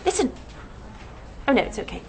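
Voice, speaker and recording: An actress playing an excitable, celebrity-obsessed woman, gushing and bossy, in a radio comedy. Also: a little fast, a little hiss or hum, close to an everyday voice.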